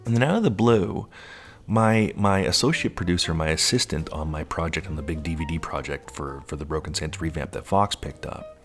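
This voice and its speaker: A man in his late thirties telling a personal story in a lively, animated way, acting out the voices of the people in it. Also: a bass voice, brisk, faint music behind. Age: 30s. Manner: animated, acts out quoted voices. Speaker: storyteller recounting his life.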